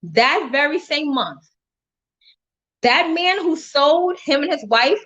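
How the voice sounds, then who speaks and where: A woman giving an animated faith testimony to viewers on a live stream, speaking with preacher-like emphasis and frequent laughter. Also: high voice, takes it slowly, lo-fi sound.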